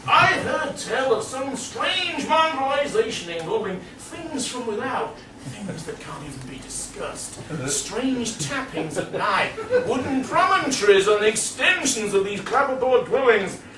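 A man's voice: very high voice, sing-song, measured pace, few pauses, noisy background, pitched above the performer's own voice, heavily acted. A man putting on a fretful, pompous old-school professor. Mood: troubled. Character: fussy, troubled male academic professor. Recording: roomy, distant mic, faint ambience.

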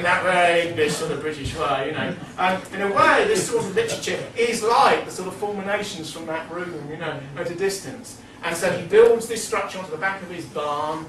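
A man giving a rambling, animated literary talk with frequent laughing asides. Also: high voice, normal speed, few pauses, background noise. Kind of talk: casual lecture-style literary talk. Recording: roomy, distant mic, faint ambience.

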